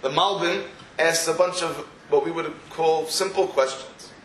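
A man's voice: a little high, fairly even intonation, unhurried, a bit bright, echoey room, a little hiss or hum, low-quality recording. A man, giving a weekly Torah class. He poses rhetorical questions and breaks into storytelling asides. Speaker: Torah teacher.

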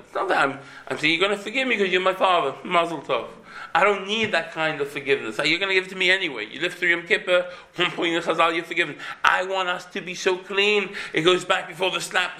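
A man teaching a Torah class in an emphatic, animated way, with sudden rises in pitch. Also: gravelly.

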